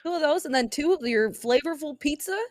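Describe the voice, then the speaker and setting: A woman's voice: high voice, expressive, brisk. A woman playing a tabletop game in character, chatty and stumbling over her words. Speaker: player.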